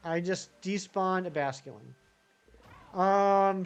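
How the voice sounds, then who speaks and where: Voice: medium pitch, a little slow, soft background music. A live-streaming gamer chatting casually with viewers, rambling and answering the chat while playing.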